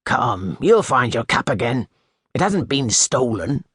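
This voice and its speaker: A stern, irritable schoolmaster, put on by a male reader, barks his commands in a raised, higher voice. The audiobook recording is dry and close, with no room sound. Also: very animated, slow pace, no room sound, full character voice. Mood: gentle. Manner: barking short commands. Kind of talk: audiobook character voice.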